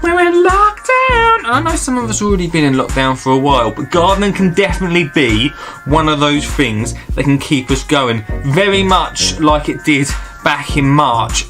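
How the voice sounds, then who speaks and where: A man hosting a live gardening phone-in show, chatting casually and rambling excitedly with listeners. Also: a little high. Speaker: gardening podcast host.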